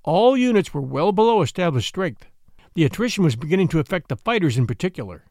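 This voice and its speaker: A man's voice: fairly high pitch, very animated, fast, a little mellow, no room sound, clean studio sound. A man narrating history from a script, explaining events and reading out figures and dates. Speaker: history podcast host.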